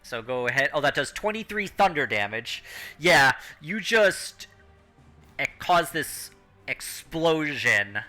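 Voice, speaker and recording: A man running a tabletop game as game master, talking with many fillers and pauses, shifting into loud crowd and announcer voices. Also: fairly high pitch, very animated, soft background music.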